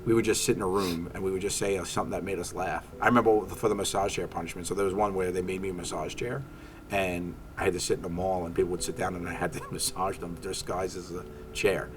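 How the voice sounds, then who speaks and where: New guy, lowish voice, animated storyteller, faint room noise behind. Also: fast talker. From Staten Island. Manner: animated storytelling, acts out quotes. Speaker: comedian guest. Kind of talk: casual interview chat.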